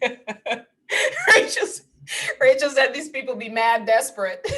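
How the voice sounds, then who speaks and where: A woman's voice: a little high, fairly bright tone. A woman hosting a casual spiritual livestream, laughing often as she tells playful, digressive stories. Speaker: spiritual host.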